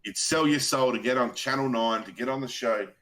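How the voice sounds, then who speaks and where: A man's voice: mid-range voice, a little fast, fairly bright tone. Bantering man. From South Africa. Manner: bantering, mock-ranting. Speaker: podcast co-host. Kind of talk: casual chat.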